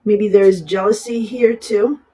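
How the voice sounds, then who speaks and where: Astrologer, raspy from a cold, casual and rambling, apologetic, plenty of fillers. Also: medium pitch, steady tone, measured pace, dark tone, poor audio. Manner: rambling, with many fillers and restarts. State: has a cold. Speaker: astrologer giving horoscopes. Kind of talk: casual horoscope reading.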